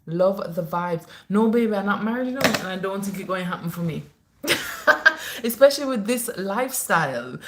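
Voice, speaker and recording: A woman hosting a casual livestream on her phone, reading comments with animated, teasing swings between high playful lines and low asides. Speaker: livestream host. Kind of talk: casual live-stream chat reading comments.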